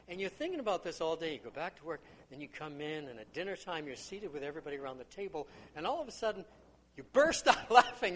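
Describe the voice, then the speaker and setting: A man's voice: a little high, sing-song, fast, fairly bright tone. An older man preaching a sermon on a parable, talking conversationally and acting out the lines of the people in his stories. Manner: conversational storytelling with acted-out quotes.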